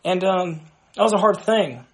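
A young man from Dallas giving an earnest, halting personal testimony to a group, with many restarts. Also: sits high. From Dallas, Texas. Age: young adult. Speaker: ministry member giving testimony.

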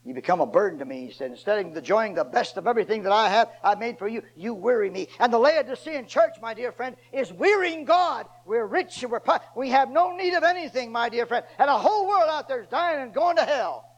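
An older man preaching a sermon, originally from Ohio, swinging from loud emphatic lines to low quiet asides. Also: lively intonation, fairly quick, few pauses, highs cut off. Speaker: pastor.

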